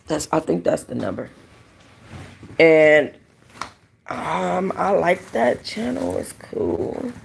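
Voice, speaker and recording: Gravelly, blunt woman streamer. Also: lowish voice. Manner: blunt, profane, rambling. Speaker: livestream host. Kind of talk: casual livestream chat.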